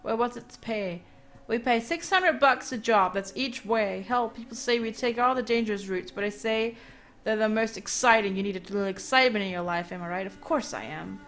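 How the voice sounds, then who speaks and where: A woman's voice: a little high, fairly quick, fairly bright tone, soft background music. A woman reading the lines of a pushy, boastful male caravan boss from a game, in her own light voice. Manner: boastful, pushy sales patter. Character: smooth-talking male caravan boss recruiting.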